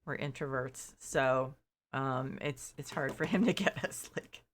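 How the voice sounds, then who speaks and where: Low-voiced woman chatting casually on stream. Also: a little slow. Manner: rambling, self-interrupting, quotes herself in exaggerated disbelief. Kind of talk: casual chat while gaming.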